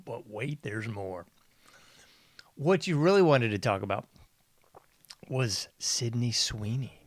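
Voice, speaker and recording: A man's voice: medium pitch, animated, slow pace, dry recording. A man hosting a casual news commentary show, mocking and sarcastic, laughing often. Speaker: podcast host.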